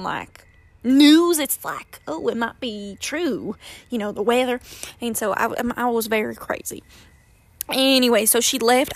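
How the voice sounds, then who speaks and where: A woman telling a personal story in a casual, animated way, often dramatizing her panic and laughing at herself. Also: on the high side, no room sound.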